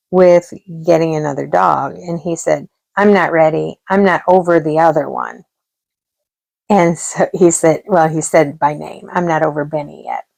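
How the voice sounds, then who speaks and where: A middle-aged woman with a low, gravelly voice tells a long story in relaxed home-vlog chat. She rambles warmly through quoted dialogue, recorded close and dry. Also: dry recording. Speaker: craft vlogger. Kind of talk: casual storytelling while crafting.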